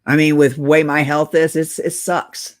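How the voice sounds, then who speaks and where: Low-pitched and flat, at a measured pace, a middle-aged political video blogger on oxygen rants urgently to her viewers. She is short of breath, addresses them as guys, and sounds casual and conspiratorial speaking straight to camera.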